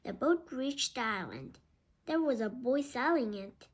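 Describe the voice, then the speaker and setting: A woman reading a children's book aloud, slowly and carefully. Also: high voice, animated, slightly rough. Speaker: storybook reader.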